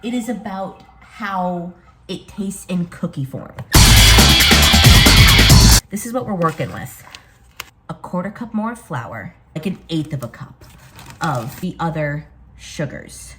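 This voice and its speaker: A woman filming a casual baking vlog in her home kitchen, excitable and quick to gasp and exclaim. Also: on the low side, loud music behind the voice. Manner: excitable, gasps and exclaims often. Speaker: vlogger.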